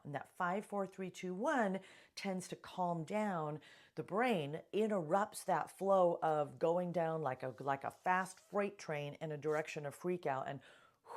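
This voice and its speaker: Woman, lowish voice, earnest, coaching, advice talk to camera. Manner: earnest, coaching, speaks directly to the listener. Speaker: presenter.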